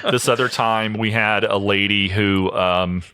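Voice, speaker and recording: Bright-voiced man telling rambling stories. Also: fairly low pitch, fairly even intonation, a little slow, smooth, dry recording. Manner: rambling anecdotes full of fillers, acting out quoted voices. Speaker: guest, home cleanout business owner. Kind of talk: casual podcast storytelling.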